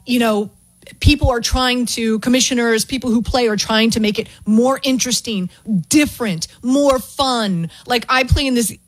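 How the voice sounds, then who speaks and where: A woman's voice: on the high side, normal speed, dry recording. A woman co-hosting a sports radio show, chatty and opinionated. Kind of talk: casual sports radio talk.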